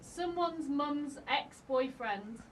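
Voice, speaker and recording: A woman's voice: sits high, expressive, takes it slowly, distant mic, background noise. Giggly woman podcast co-host. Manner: hesitant, giggly, filler-heavy. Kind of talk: comedy podcast banter and storytelling.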